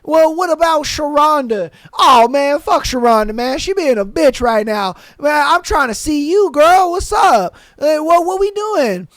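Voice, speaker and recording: A man's voice: extremely high pitch, expressive, a little slow, few pauses, no room sound, clean studio sound, heavily acted. A man doing a rowdy drunk guy begging on the phone. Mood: pleading. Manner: whiny, pushy, loud. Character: drunk rowdy male passenger pleading on a call.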